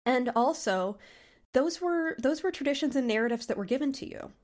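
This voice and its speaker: A woman's voice: high-pitched, lively intonation, brisk, darkish tone. A woman co-hosting a podcast, talking in a candid, casual way with a nasal, congested voice and frequent laughs. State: congested, intermittent coughing. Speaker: podcast co-host, therapist. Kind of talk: casual chat.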